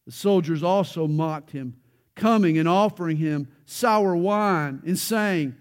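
A man's voice: a little high, slow pace. A man preaching a verse-by-verse Bible sermon, earnest and building to emphatic peaks, with light jokes along the way. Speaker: pastor.

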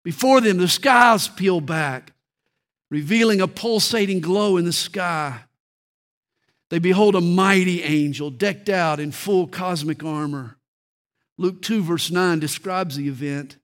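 A man's voice: high-pitched, measured pace. A man preaching a Christmas sermon, telling stories dramatically and shifting his tempo.

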